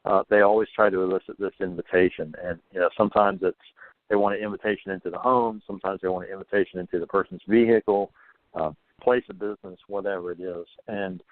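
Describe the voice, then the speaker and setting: Here a low-pitched man speaks quickly with fairly even intonation over a dry, phone-like recording. He's a guest author on paranormal folklore in a casual podcast chat, thoughtful in manner yet prone to stumbling and repeating words.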